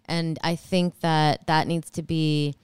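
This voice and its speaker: A woman co-hosts a podcast and talks straight to a caller about her love life. Her voice is smooth and clear. It is recorded close and dry. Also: sits low, little pitch movement, takes it slowly, a little mellow, no room sound. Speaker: podcast co-host. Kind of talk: casual advice chat.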